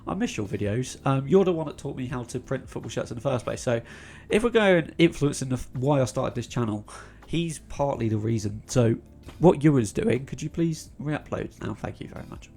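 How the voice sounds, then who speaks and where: A man's voice: mid-range voice, animated, brisk, gravelly, darkish tone, soft background music. A young man from England with a North London accent, hosting a casual Q&A vlog in a chatty, rambling way, full of ums and restarts. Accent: North London English. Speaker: YouTube channel host.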